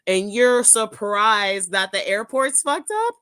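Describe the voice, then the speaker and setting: A woman co-hosting a casual podcast, sick and coughing, ranting in a profane, animated way. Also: mid-range voice, slow, smooth, no room sound. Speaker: podcast co-host.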